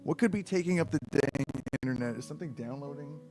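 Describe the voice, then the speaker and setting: A man's voice: fairly high pitch, quick pace, a little mellow, soft background music. A man reading a book aloud on a livestream, with rambling, profane, exasperated asides. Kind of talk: comedic read-aloud livestream.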